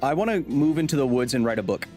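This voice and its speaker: A man chatting casually on a live stream, rambling and cutting himself off, quick to laugh. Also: medium pitch, lively intonation, a little mellow, soft background music.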